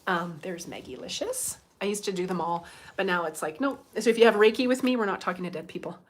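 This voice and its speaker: On her own livestream, a middle-aged woman from Canada, a medium, talks fast in a lowish voice. The chat is casual and loose, full of laughter and reenacted remarks from other people.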